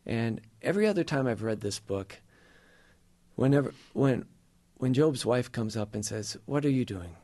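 A middle-aged man telling an earnest, emotional faith story in conversation, pausing and halting as he goes. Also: mid-range voice, expressive, dark tone, dry recording. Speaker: guest sharing a personal faith story. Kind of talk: conversational testimony.

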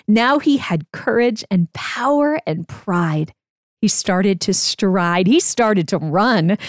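A young adult woman reading a rhyming children's story aloud to her kids in a slow, rhythmic narration. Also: mid-range voice, dry recording, studio quality.

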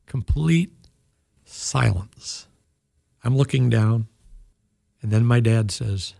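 Gravelly older man telling a story. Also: medium pitch, animated, unhurried, long pauses, warm tone, dry recording, studio quality. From United States. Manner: earnest, emotional storytelling. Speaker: pastor and guest. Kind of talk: storytelling in an interview.

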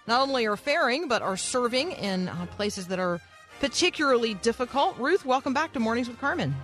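A woman hosting a morning radio talk show, chatty and self-deprecating, with quick asides. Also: fairly high pitch, lively intonation, a bit bright, soft background music.

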